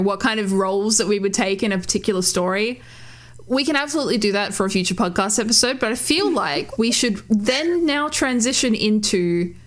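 A woman co-hosting a podcast in casual chat, animated, swearing and laughing as she acts out quotes. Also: medium pitch. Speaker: podcast co-host.

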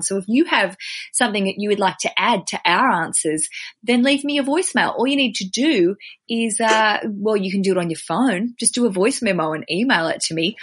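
An Australian woman hosting a podcast in casual, chatty talk, animated and quick to poke fun at herself. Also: mid-range voice, slightly rough. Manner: chatty, animated, self-deprecating. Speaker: podcast host.

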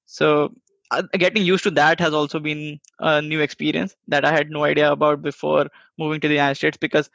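A man's voice: on the high side, level tone, a little fast, gravelly, fairly bright tone, dry recording, muffled recording. A man from India co-hosting a podcast, chatting casually in a wry way and laughing as he talks. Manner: wry, laughs while talking. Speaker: podcast co-host. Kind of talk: casual chat.

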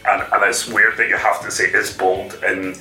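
A man's voice: lowish voice, level tone, moderate pace, sharp tone, reverberant, distant mic, faint music behind, rough recording. A man talking earnestly as a guest in a casual TV review chat. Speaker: podcast guest.

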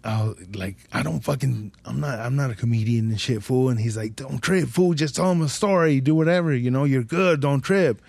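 Young man, slangy, rambling, constant swearing, mid-pitched voice, dry close mic. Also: a little fast, vocal fry, hardly any pauses, darkish tone, no echo. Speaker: podcast host. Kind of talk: casual storytelling.

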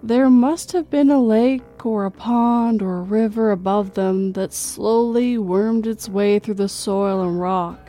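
A woman reading a horror story in a slow, measured storytelling way. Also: medium pitch, fairly even intonation, dark tone, soft background music. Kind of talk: scripted horror narration.

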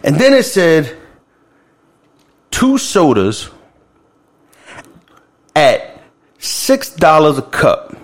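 A man's voice: a little high, wildly swooping pitch, extremely slow, long pauses. A man co-hosting a podcast, telling a long story in a loose, profane, laughing way among friends. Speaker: podcast co-host.

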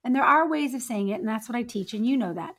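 Blunt high-voiced woman host. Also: fast talker. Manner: blunt, frank and animated. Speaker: podcast host and relationship coach. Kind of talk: casual advice chat.

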